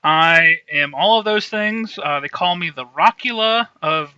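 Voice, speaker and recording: A man co-hosts a comedy podcast with a high, piercingly bright voice. He delivers absurd jokes in a deadpan tone. The sound is close and completely dry. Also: a little slow, clean tone, dry recording, dull audio. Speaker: podcast co-host. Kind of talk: casual comedy podcast chat.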